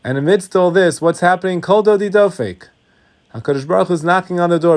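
A man preaching as a rabbi, telling a parable that he acts out, with his voice dropping to hushed tones. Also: high voice, quick pace. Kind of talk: sermon with parable.

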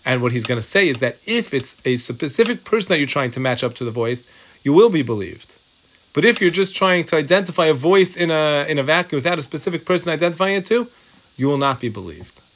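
A Talmud teacher leads a Torah class, reading Hebrew and Aramaic text and explaining it in English by working repetitively through example after example aloud. His voice is a little high, expressive and fairly bright, and he talks at a quick pace.

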